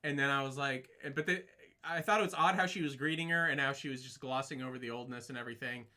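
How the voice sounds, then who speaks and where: A man's voice: mid-range voice, quick pace, bright, forceful tone. A man co-hosting a casual film discussion, chatty and thinking aloud about his reactions. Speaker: podcast co-host.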